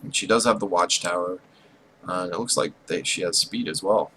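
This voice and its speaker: A man calls a strategy game in a relaxed, self-deprecating way, and his rather low voice spikes up when the fights get close. Faint background hiss sits under his commentary. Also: a little fast, low-quality recording. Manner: casual and self-deprecating, bursts of excitement during fights. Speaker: esports caster.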